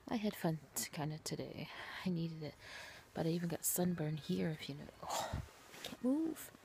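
Woman, vlogger, talking to camera, weary, complaining, gravelly, half-whispered. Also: lowish voice, a little hiss or hum. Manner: weary, complaining, often drops to a breathy whisper. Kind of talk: casual talk to camera.

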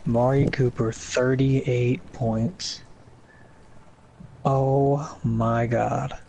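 A man's voice: medium pitch, little pitch movement, vocal fry, mellow, a little hiss or hum, rough recording. A young man chatting casually with friends during a live game stream, joking and acting out quotes. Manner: playful, acts out quotes, quick bursts of laughter.

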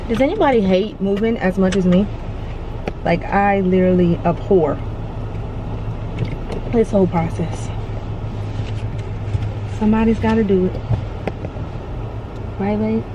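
A woman's voice: mid-range voice, measured pace, long pauses, dull audio, background noise. A woman chatting casually to viewers on her vlog. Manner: chatty, talks straight to viewers. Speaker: vlogger. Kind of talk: casual chat to camera. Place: apartment and outdoors on moving day.

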